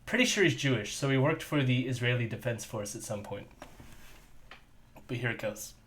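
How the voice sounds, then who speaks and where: A man's voice: medium pitch, moderate pace. A man hosting a stream, giving casual, profane commentary on video clips and laughing often. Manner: animated, laughs often, swears freely. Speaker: stream host.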